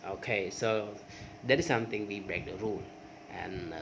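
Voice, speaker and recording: A man's voice: fairly low pitch, moderate pace, a bit bright, a little hiss or hum. A man whose first language is Khmer, teaching English grammar and drilling word forms aloud, with frequent checks of "okay". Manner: repeats word forms in drills, rising on examples, many okays. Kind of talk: grammar lesson.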